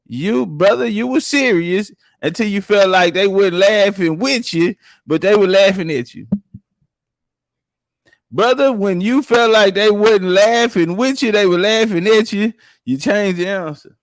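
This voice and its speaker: A man's voice: sits high, measured pace, no echo. A man telling profane stories in casual chat and acting out the people he quotes. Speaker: podcast guest. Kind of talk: casual storytelling.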